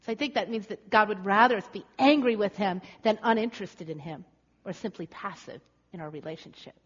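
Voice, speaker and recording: A woman's voice: medium pitch, fairly quick, breathy edge. A woman preacher giving a dramatic, rhetorical sermon with building emphasis. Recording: echoey hall, slightly dull.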